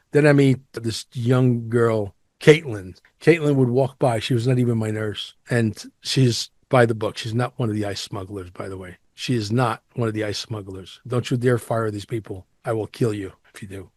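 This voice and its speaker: A man hosting a podcast, telling a long story in a casual, animated, profane and exaggerated way. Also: lowish voice, fairly quick, hardly any pauses, no room sound, studio quality. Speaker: podcast host.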